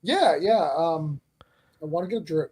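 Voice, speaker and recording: A man's voice: fairly high pitch, expressive, moderate pace, darkish tone, slightly rough. A man as a podcast guest, chatting casually and explaining things carefully, with frequent stammers and restarts. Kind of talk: casual chat.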